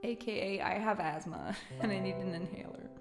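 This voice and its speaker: A woman's voice: mid-range voice, normal speed, gravelly, reverberant, loud music behind the voice. A woman with a Canadian accent, chatting casually with her live-stream chat in a giggly, talkative way. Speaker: music streamer.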